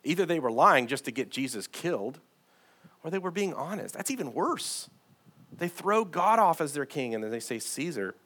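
A man preaching a sermon as pastor in a church, reading scripture aloud and swinging from loud to hushed. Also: fairly high pitch, very animated, normal speed. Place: church sanctuary.

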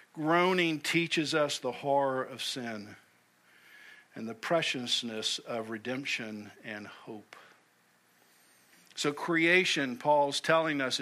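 A man preaching a sermon in a church, his tone bright and forward and his voice sitting a little high. He is emphatic, repeats his key phrases and sometimes drops to a near whisper for weight. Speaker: pastor. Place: church sanctuary.

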